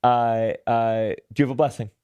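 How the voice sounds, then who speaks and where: A man's voice: medium pitch, steady tone, normal speed, warm tone, clear, resonant tone, no room sound. A man hosting a podcast in casual chat, prodding his guest with questions. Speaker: podcast host.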